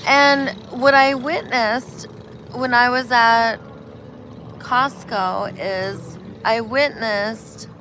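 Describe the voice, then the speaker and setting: A woman, a spiritual healer, talking casually and telling animated stories, acting out voices as she goes. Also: a little high, extremely slow, slight background noise, rough recording. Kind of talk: casual street conversation.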